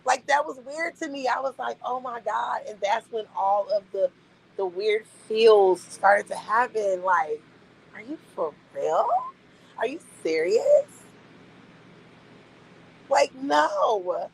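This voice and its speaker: A woman's voice: fairly high pitch, very animated, slow, gravelly, long pauses, slightly rough, rough recording. A young adult woman streaming live, venting bluntly and incredulously to her chat, repeating her points for emphasis.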